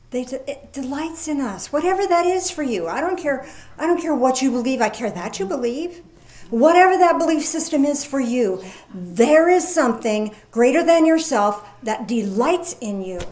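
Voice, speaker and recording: A woman preaching a sermon in a lively, folksy way, reading scripture aloud slowly and commenting with casual asides. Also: high-pitched. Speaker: pastor. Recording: echoey room.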